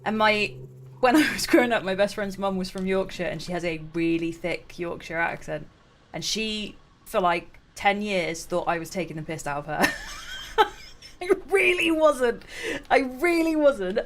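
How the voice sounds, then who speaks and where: A woman co-hosting a casual gaming livestream, chatty and quick to laugh. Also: medium pitch. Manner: giggly, chatty, laughs often. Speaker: stream co-host. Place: gaming livestream with game music behind.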